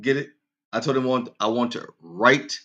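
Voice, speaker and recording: Moderately paced and fairly bright, this male voice is heard through dull audio with a little hiss or hum. As a casual radio host, he cracks dad jokes, chuckles at his own punchlines, talks straight to listeners, and raises his pitch sharply when quoting others.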